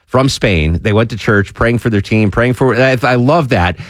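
A man's voice: mid-range voice, moderate pace, dry recording, clean studio sound. A man hosting a radio show, chatting casually and joking, putting on voices now and then. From New York. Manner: animated, jokey, mimics voices.

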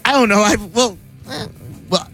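A man's voice: sits high, normal speed, a bit bright, soft background music. A man hosting a radio show, telling a story in casual banter and laughing often.

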